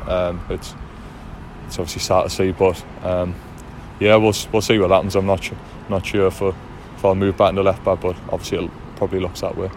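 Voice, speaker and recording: A footballer giving a halting post-match interview with many fillers. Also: male voice, low voice, a little hiss or hum. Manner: halting, flat, filler-heavy.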